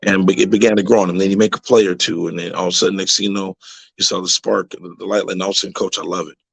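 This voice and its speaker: A low, gravelly male voice with a husky grain tells stories with a coach's emphatic push, often repeating words for stress. He is a high school football coach on a radio talk show. The sound is close and dry. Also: level tone, rapid-fire, dry recording, rough recording. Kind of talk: radio interview storytelling.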